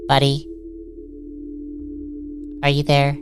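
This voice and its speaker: A man voicing a loyal robot companion who speaks calmly and formally to guide his friend. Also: medium pitch, very slow, noisy background, voice pushed up. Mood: reassuring. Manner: calm, flat, formal speech.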